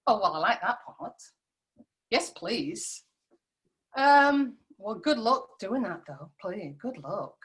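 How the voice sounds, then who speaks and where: A woman's voice: medium pitch, animated, takes it slowly, a bit bright, husky. A woman performing in an improv scene, playful and teasing.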